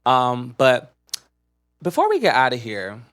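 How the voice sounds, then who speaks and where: A young man co-hosting a casual podcast, talking in sassy, dramatic rants that flare up loud. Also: mid-range voice, huge pitch swings, measured pace. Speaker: podcast co-host.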